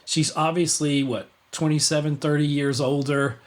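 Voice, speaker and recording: A man's voice: a little high, steady tone, moderate pace. A man hosting a casual livestream podcast, rambling with many restarts and fillers. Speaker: podcast host.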